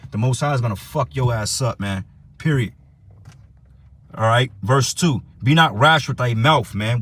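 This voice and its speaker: A man teaching for a religious camp, giving a heated, profane preaching rant that reads and explains scripture. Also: medium pitch.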